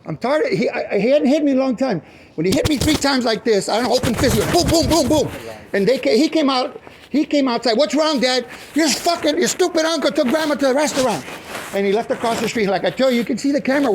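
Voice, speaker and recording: Agitated high-voiced man venting, cursing. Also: noisy background. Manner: agitated, rambling, profane. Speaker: family member speaking to police. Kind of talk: heated account of a family dispute.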